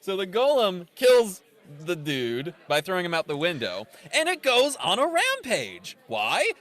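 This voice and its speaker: A man's voice: sits high, unhurried, hardly any pauses. A man co-hosting a podcast, casually retelling a film's plot and acting out its characters' lines. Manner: animated recapping with acted-out quotes. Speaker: podcast co-host.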